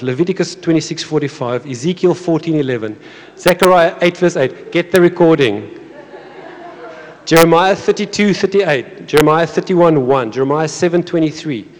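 A man's voice: fairly high pitch, darkish tone. A man in his thirties or forties preaching a conversational sermon as pastor, often repeating words and putting questions to the congregation. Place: church auditorium. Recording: long hall reverb in a church.

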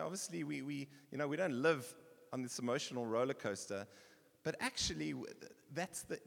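Male pastor, high lively voice, gravelly edge, sermon style, bursts of shouting, reverberant church hall. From South Africa. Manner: animated preaching with bursts of shouting.

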